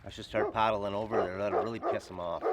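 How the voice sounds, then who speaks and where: A man talking casually to his camera while paddling outdoors on a river, joking to himself as he goes. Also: lowish voice. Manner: chatty, joking, talks to himself. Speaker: vlogger. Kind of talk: casual outdoor vlog narration. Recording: noisy outdoor camera audio.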